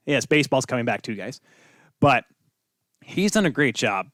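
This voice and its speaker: A man's voice: mid-range voice, very animated, normal speed, fairly bright tone, no echo, clean studio sound. A young man hosting a solo sports talk show, rambling off on tangents with self-deprecating asides, tired from little sleep. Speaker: podcast host.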